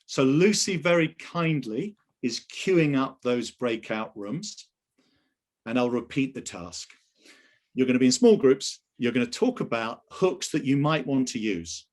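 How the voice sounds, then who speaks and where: A man running a live online sales training session over a video call, emphatic and full of rhetorical questions. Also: mid-range voice.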